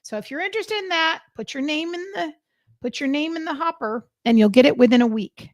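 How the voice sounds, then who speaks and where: A woman hosting a live stream as a psychic reader, chatting casually and excitedly with her viewers. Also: high voice, fairly quick, no echo, studio quality.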